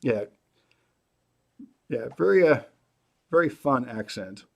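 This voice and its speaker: Relaxed and thinking out loud, a middle-aged host fields viewer questions during a casual livestream Q&A, full of fillers and restarts. He speaks at medium pitch and a moderate pace.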